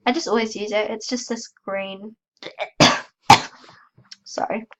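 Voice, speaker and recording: Her voice sits in the mid-range with fairly even intonation, and she takes her time speaking. She's a gaming channel host with a cold, chatting and poking fun at herself during casual gameplay commentary, gasping and squealing at sudden scares.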